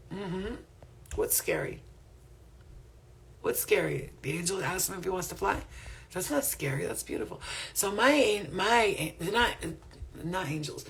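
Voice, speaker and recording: A woman's voice: fairly low pitch, slightly rough. A woman hosting a casual spiritual livestream, reading viewer comments, laughing often and swearing freely. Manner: profane, laughing often, animated.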